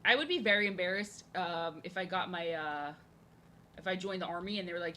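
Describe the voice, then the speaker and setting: Drawing on stream, this woman talks briskly in a lowish voice that sounds pushed and bright, over a little hiss or hum. Her chat is loose and jokey, wandering around and repeating phrases.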